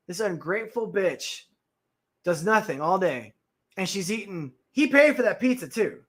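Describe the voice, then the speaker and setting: A man's voice: sits high, moderate pace. A man and former Marine hosting a casual livestream, reacting bluntly and with feeling to videos and chatting to his viewers. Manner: blunt, animated, talks straight to viewers.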